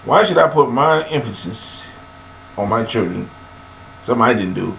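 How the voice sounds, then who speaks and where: Gravelly man preaching in an echoey room. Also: lively intonation, normal speed, long pauses, fairly bright tone, a little hiss or hum. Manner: preachy, rambling, with sudden high-pitched emphatic outbursts. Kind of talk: rambling spoken monologue on faith and forgiveness. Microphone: webcam.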